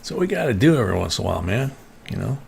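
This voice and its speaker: A man's voice: fairly low pitch, very animated, rapid-fire, gravelly, a little mellow, a little hiss or hum. A man hosting a coin live stream, chatting casually in a rambling way, with lots of fillers and restarts. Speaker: host of a coin roll hunting live stream.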